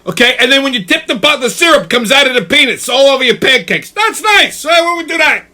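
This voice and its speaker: A man's voice: extremely high pitch, animated, fast talker, bright, forceful tone. A male host giving a profane, exasperated comedic rant and tagging his points with "okay?". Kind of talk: ranting comedic commentary.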